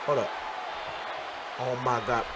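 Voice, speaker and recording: A man commenting on his own wrestling game as he plays, loud and profane, trash-talking and often shouting. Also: medium pitch, flat delivery, slow pace. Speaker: gaming channel host. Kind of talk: live reactive gameplay commentary. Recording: crowd and game noise behind.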